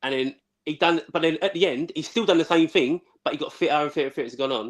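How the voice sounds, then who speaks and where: Fast-talking blunt man. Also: fairly high pitch. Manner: rapid, blunt, swears freely, many restarts. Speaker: former footballer, guest. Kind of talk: casual storytelling.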